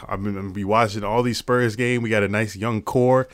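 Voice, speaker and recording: A laid-back man with a low voice, chatting casually about basketball as a podcast co-host. He swears freely and laughs a lot. The sound is dry and close. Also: steady tone, fairly quick, dry recording. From Florida. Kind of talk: casual sports chat.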